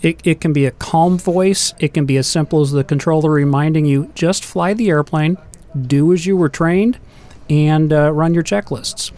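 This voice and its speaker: A man explaining aviation safety in a calm, steady manner during a casual panel talk. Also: a little high, moderate pace.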